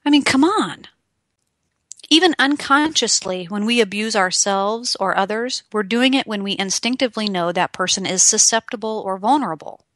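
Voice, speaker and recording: A young adult woman talks straight to the listener in a lively, emphatic motivational style. Her voice is bright and forward, and the recording is dry and close. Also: medium pitch, moderate pace, no room sound. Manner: emphatic, animated, addresses the listener directly. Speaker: motivational speaker. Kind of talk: direct-to-camera motivational talk.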